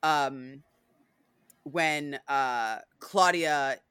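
A woman's voice: a bass voice, extremely slow, a bit bright, clean tone, dry recording, clean studio sound. A woman hosting a podcast, chatting casually and animatedly, swearing freely and acting out movie lines. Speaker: podcast host.

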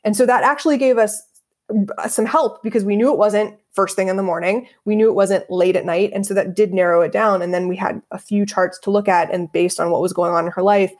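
Earnest middle-aged woman, easy laugh. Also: fairly low pitch. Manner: earnest and reflective, laughs easily. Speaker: feng shui practitioner, podcast guest. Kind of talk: conversational interview answers.

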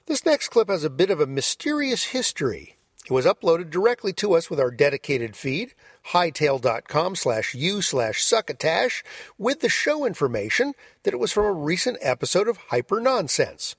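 Brief: male podcast host, husky, lively pitch, dry close sound. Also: normal speed, no room sound. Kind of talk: introducing clips.

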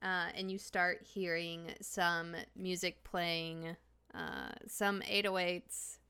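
A woman playing a tabletop game, describing her character's actions in a relaxed, hesitant way. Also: fairly low pitch, slow pace, clean tone. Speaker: player.

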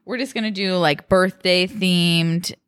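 Low-voiced young woman podcast co-host. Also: unhurried, a bit bright, clear, resonant tone, no room sound, clean studio sound. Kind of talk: casual chat and reading posts aloud.

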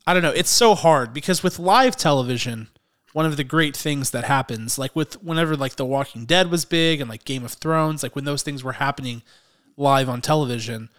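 A man's voice: medium pitch, fairly bright tone. A man hosting a movie podcast in casual chat, rambling with lots of fillers. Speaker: podcast host.

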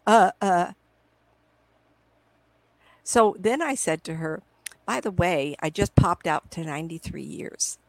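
Gravelly middle-aged woman telling stories. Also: on the low side, lively intonation, slow pace, pauses often, no echo, rough recording. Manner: rambling, chatty, quotes her own past conversations. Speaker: psychic medium guest. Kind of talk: casual storytelling in a live video interview. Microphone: computer video call.

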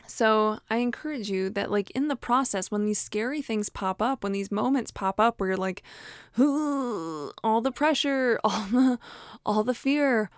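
A woman's voice: mid-range voice, no room sound, studio quality. A woman giving a casual motivational talk in a chatty, encouraging way, laughing often and acting out inner voices. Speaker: motivational speaker.

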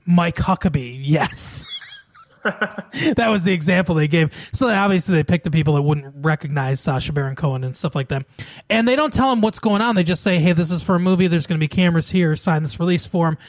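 High-voiced man chatting on a podcast. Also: a little fast, no echo. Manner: chatty, laughs often while retelling scenes. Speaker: podcast co-host. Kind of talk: casual chat.

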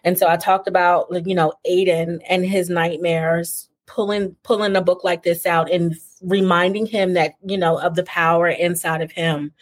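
A woman hosting a casual interview chat, talking in a relaxed, filler-heavy way with frequent laughs. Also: on the low side, normal speed, hardly any pauses. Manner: chatty, warm filler-heavy talk with laughs. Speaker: host.

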